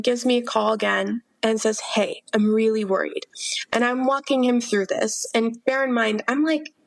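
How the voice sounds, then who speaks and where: A woman's voice: on the high side, creaky, no echo. A young adult woman, a podcast guest, earnestly telling a personal story with many fillers and acted-out quotes. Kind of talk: personal testimony in an interview.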